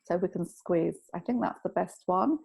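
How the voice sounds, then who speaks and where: Calm woman explaining tapping. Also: fairly low pitch, moderate pace, gravelly, husky. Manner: calm, instructive, tells anecdotes. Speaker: EFT tapping practitioner, guest. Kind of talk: explaining in an interview.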